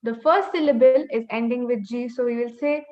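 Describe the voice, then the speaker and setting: A woman teaching an online Mandarin lesson, slowly drilling pronunciation with repeated model words. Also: on the high side, darkish tone, soft background music. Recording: slightly dull webinar audio.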